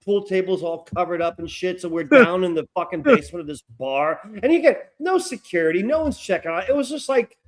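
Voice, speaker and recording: A middle-aged American man, a podcast co-host, telling a long story in a rambling, profane, animated way. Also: high-pitched, fairly quick, hardly any pauses. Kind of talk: casual storytelling chat.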